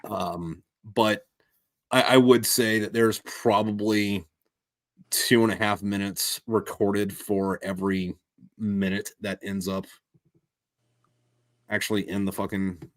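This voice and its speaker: A man with a fairly low voice, recorded dry and close with no room sound. He talks in a halting, filler-heavy way, swearing freely. It is a relaxed podcast chat. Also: no echo. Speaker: podcast host and audiobook narrator.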